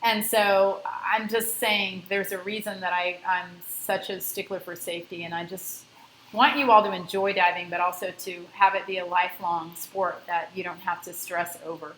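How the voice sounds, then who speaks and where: A woman's voice: lowish voice, steady tone, normal speed, fairly bright tone, reverberant, a little hiss or hum, low-quality recording. A woman scuba instructor lecturing a class, telling a personal story in a conversational way and stressing safety. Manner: conversational, emphatic about safety.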